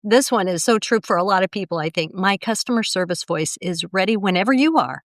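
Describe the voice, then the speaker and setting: A woman's voice: medium pitch, expressive, brisk, dry recording. Agreeable woman podcast co-host, dry sound. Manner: agreeable, chuckling. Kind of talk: casual chat.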